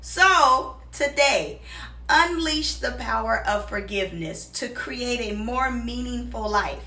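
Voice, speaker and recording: A woman's voice: on the high side, expressive, slow pace, bright, forceful tone, roomy sound, recorded from a distance. A woman host reading a scripted, encouraging promotional message. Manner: encouraging, motivational. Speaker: show host.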